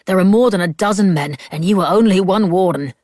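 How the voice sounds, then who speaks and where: Cautious male warden voiced by a woman, dry, clipped, gravelly. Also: lowish voice, normal speed, no echo. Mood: warning. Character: stern older male warden, cautious, dismissive.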